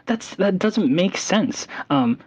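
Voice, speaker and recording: A man's voice: high-pitched, animated, slow pace, darkish tone, breathy edge. A man in a heated online debate, rambling and hesitant with many restarts.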